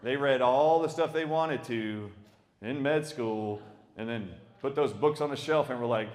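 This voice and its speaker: A middle-aged man tells his own stories as a doctor giving a talk. He speaks with emphatic, animated energy and often laughs along the way. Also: medium pitch, unhurried. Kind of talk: storytelling talk.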